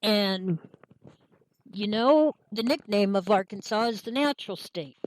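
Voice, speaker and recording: A woman's voice: medium pitch, lively intonation, measured pace, a little hiss or hum, rough recording. A woman from Kansas hosting a folksy talk radio show, chatting in a homey, meandering way with lots of fillers.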